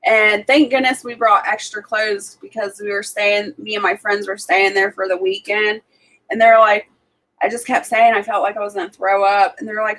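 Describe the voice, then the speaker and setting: A woman chats casually with her live viewers while she cooks, talking easily at a mid pitch. She rambles through stories, full of "like" and "um", and laughs often. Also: little pitch movement, normal speed, fairly bright tone, poor audio. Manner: chatty storyteller, laughs often, filler-heavy. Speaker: live-stream host. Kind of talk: casual live-stream chat while cooking. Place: home kitchen.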